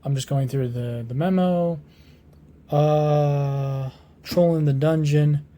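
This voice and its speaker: A man's voice: on the high side, steady tone, slow pace, warm tone. Rambling man telling a fan story. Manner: rambling, with many fillers, restarts and swearing. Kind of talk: improvised fan story retelling.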